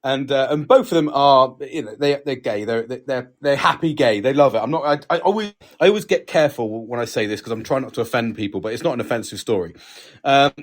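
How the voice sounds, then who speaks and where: A man's voice: medium pitch, fairly quick. A British man co-hosting a casual podcast, bantering bluntly with plenty of swearing. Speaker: podcast co-host. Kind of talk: casual chat.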